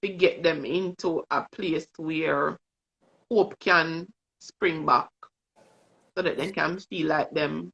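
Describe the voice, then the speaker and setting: A woman's voice: low-pitched, fairly even intonation, slow, vocal fry, fairly bright tone. A woman with a Jamaican accent, a guest telling earnest, emotional stories in casual chat. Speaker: guest, vision board coach. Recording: dull lo-fi stream audio.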